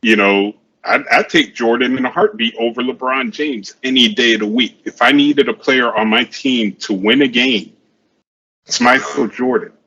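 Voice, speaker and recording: A man's voice: mid-range voice, moderate pace, pushed and bright, breathy edge, muffled recording. A man co-hosting a casual sports chat show, rambling and often repeating himself. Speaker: podcast co-host.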